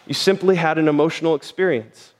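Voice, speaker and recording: Earnest pastor preaching in a reverberant hall. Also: male voice, on the high side, steady tone, a little fast. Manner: earnest and direct, addressing the congregation. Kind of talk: sermon.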